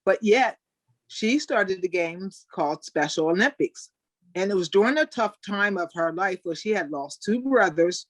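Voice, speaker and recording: An older woman, a Special Olympics athlete, telling animated stories in a webinar interview over a video call. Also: lowish voice, no room sound. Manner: animated storyteller, acts out quoted people. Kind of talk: storytelling in an interview.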